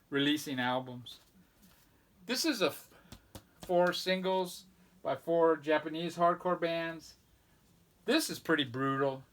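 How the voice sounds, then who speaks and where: Slightly high-voiced man chatting about records. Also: fairly bright tone. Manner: rambling, enthusiastic, listing bands off records. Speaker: record collector vlog host. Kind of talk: casual record show-and-tell.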